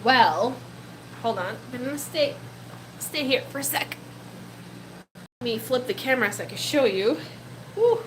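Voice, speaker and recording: A woman's voice: fairly high pitch, animated, measured pace, long pauses, fairly bright tone, a little hiss or hum, poor audio. A young woman who grew up speaking Polish, chatting casually on a live stream and reading out viewer comments. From Poland. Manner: chatty, giggly, breaks into baby talk with her pet. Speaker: pet-keeping live streamer.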